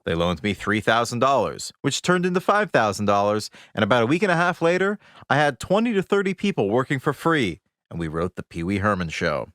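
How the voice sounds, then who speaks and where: Man, podcast co-host, animated storytelling, very lively pitch, dry mic. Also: a little fast, few pauses, dry recording. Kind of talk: scripted podcast narration.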